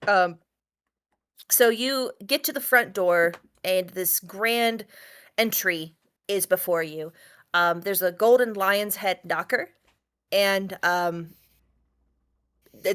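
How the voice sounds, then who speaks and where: A woman's voice: fairly low pitch, a bit bright. A woman narrating as game master for a tabletop game, rambling with many fillers and frequent laughs.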